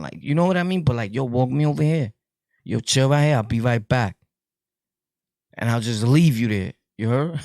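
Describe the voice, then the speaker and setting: A man with a New York accent telling his prison stories to viewers in a casual, jokey way, full of street slang and quick laughs. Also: medium pitch, dry recording, clean studio sound.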